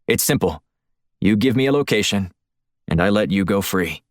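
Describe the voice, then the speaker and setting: A man's voice: lowish voice, lively intonation, normal speed, no echo, studio quality, close to an everyday voice. A male audiobook narrator voicing a hardened, blunt covert agent who speaks in clipped lines. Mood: threatening. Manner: clipped, growling.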